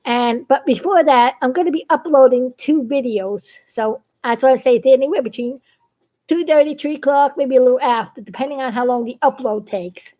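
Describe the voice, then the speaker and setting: A woman hosts a casual live stream about the cartoons she has made. Her voice is high-pitched. She rambles loosely and laughs between her sentences. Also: moderate pace, warm tone. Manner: giggly, rambling, laughs often. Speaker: livestream host and cartoon animator.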